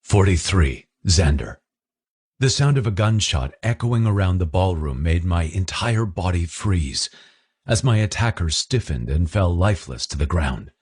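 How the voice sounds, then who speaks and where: A man's voice: sits low, expressive, a little slow, a little mellow, husky. A man narrating a romance audiobook in the first person, with intense, emotional delivery.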